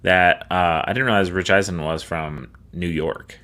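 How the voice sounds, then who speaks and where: Deep-voiced, bright, rambling man. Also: steady tone, measured pace. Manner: laughs often, loose and rambling. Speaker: podcast co-host. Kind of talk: casual chat.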